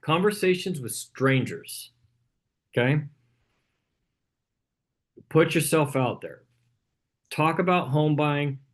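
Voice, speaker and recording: Man, fairly high voice, team-training coach, punchy, keeps checking "okay?". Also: expressive, takes it slowly, long pauses. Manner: coaching, punchy, repeats "okay?" after points. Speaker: real estate broker leading a team training.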